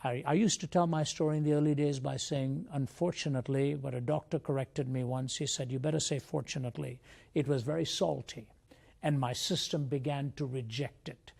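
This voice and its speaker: Gravelly older man telling his story. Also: mid-range voice, steady tone, fairly quick, darkish tone. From India. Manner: earnest, reflective storytelling. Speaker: guest speaker. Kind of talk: personal testimony in an interview.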